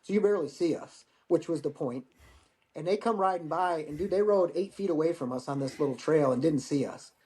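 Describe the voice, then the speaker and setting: An American man in his forties tells stories from his service as a podcast guest. His voice sits a little high for a man, and he talks loosely, cursing freely and doubling back on his words. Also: a little fast. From United States. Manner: relaxed, profane, repeats words when starting phrases. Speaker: guest, Marine veteran. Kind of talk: casual storytelling.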